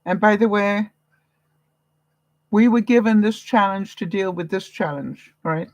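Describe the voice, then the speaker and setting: A woman's voice: mid-range voice, measured pace, darkish tone, dry recording, dull audio. A woman from Canada hosting a live vlog, giving viewers an encouraging, motherly pep talk. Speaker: vlogger host. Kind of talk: live-stream chat with viewers.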